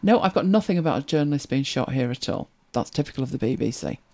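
A woman's voice: fast talker, creaky. Woman, casual livestream host, wry chatty storytelling, voice swooping up and down. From Britain. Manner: chatty, wry storytelling with lively pitch swings. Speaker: livestream host reading viewer comments. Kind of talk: casual chat.

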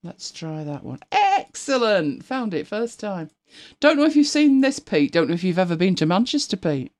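A middle-aged woman hosts a casual live stream and chats freely with her viewers. Her pitch swings widely, rising and dipping as she talks. She laughs often and greets people by name while she hunts for pictures. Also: sing-song, moderate pace, darkish tone.

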